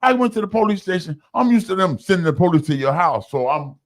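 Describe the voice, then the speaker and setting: A man's voice: sits high, expressive, quick pace. A man in his fifties telling his recovery story like a preacher, acting out quotes with folksy slang and laughs. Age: 50s. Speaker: guest sharing recovery story.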